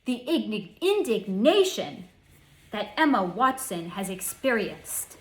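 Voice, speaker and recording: A woman's voice: mid-range voice, very animated, slow pace. A woman hosting a casual psychic reading, talking in a snarky, sarcastic, profane way. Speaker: psychic channel host. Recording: roomy echo.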